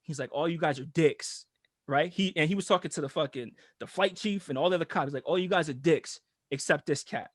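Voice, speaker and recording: High-voiced man telling animated stories. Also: fairly quick, no room sound, studio quality. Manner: animated, profane, laughing storyteller. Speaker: podcast co-host. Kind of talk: casual storytelling chat.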